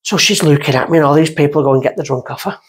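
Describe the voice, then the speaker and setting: Her speech is rapid-fire and slightly rough as this woman, a podcast's guest medium, tells a long, rambling personal story that keeps veering into tangents. The storytelling is casual and lively, with jumps in pitch when she gets excited.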